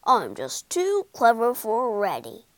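Woman doing a high boastful Toad. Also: wildly swooping pitch, slow pace, dry recording, full character voice. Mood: smug. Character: boastful reckless male toad, excitable.

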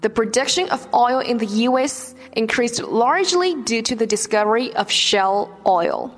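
A woman's voice: on the high side, expressive, moderate pace, slight background noise. A woman teaching English vocabulary, repeating each word and checking in with "okay?" as she explains pronunciation. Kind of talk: vocabulary lesson. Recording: long reverb, faint background music.

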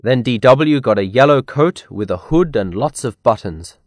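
A man reading a children's picture book aloud as narrator, slow and deliberate. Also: medium pitch, expressive, dry recording, studio quality.

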